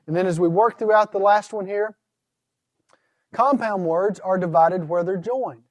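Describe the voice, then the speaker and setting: A man teaching Greek pronunciation in a recorded lecture, methodically laying out rules and slowly sounding words out syllable by syllable. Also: high-pitched, no room sound. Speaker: Greek instructor.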